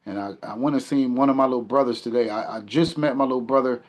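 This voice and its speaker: A man in his forties, a podcast guest and community mentor, talking earnestly and reflectively in a casual conversation, often trailing off quieter. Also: medium pitch, fast. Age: 40s.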